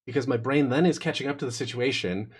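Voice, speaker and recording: A man's voice: medium pitch, fast talker, breathy edge. A man co-hosting a podcast in casual chat, speaking in a reflective, wry way. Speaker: podcast co-host.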